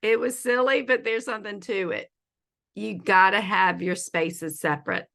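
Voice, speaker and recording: Bright, chatty woman teaching. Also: medium pitch, steady tone, moderate pace, gravelly. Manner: chatty and playful, laughs often, says y'all. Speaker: feng shui consultant teaching an online class. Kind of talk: casual online presentation. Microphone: video call.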